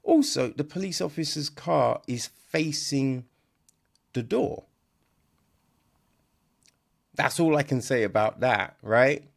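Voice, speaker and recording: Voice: mid-range voice, unhurried, vocal fry. A podcast host giving a casual, sarcastic film review, often asking "right?" and restarting sentences. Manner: sarcastic, mocks dialogue in exaggerated voices.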